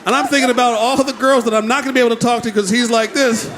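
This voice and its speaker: A man performing a stand-up routine on a club stage, telling an animated, profane story and acting out voices. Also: extremely high pitch, racing, a faint crowd. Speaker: stand-up comedian. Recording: live club audience and noise behind.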